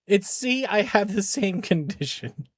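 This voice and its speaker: A man's voice: sits high, expressive, measured pace, husky, no echo, clean studio sound. A man streaming games for charity, chatting casually with viewers and his dog. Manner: chatty, talks to his dogs and chat. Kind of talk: casual live-stream chat.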